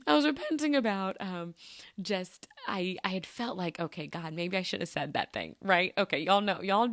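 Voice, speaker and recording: A woman's voice: on the low side, no room sound, studio quality. A young woman hosting a solo podcast, talking earnestly and casually with many fillers and restarts. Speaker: podcast host. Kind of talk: reflective solo podcast talk.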